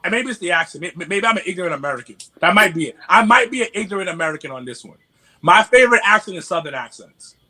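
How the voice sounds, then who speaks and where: A man from New York with a New York accent, a podcast guest in casual chat, animated and stammering through restarts. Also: high voice, quick pace.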